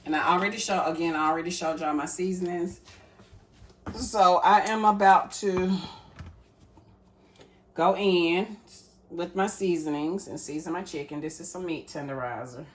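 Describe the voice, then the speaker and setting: A cooking vlogger with a lowish voice chats casually with viewers in her home kitchen, calling them y'all as she cooks. She talks at a moderate pace with long pauses, and there's slight background noise.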